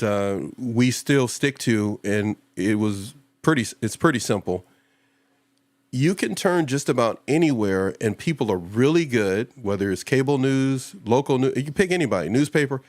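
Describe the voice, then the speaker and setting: A man hosting a live-streamed talk show, chatting casually and rambling, and often acting out other people in voices. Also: no echo. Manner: animated, jumps into high-pitched voices when acting out others. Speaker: show host.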